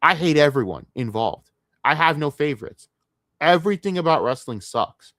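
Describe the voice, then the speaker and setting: A man's voice: on the high side, lively intonation, moderate pace, fairly bright tone, no echo, studio quality. A man from the United States ranting on a casual livestream, frustrated and profane, rambling with many restarts. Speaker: streamer.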